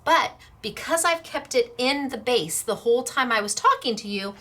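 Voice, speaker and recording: A woman's voice: fairly high pitch, expressive, moderate pace, bright, forceful tone. A woman hosting a casual craft demonstration, chatty and upbeat, laughing easily as she works. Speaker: craft shop host.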